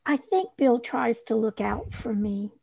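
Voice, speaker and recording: A woman's voice: a little high, animated, unhurried, creaky, a little mellow, husky, dry recording, full character voice. A woman playing a timid young tavern worker who talks in a meek, anxious way.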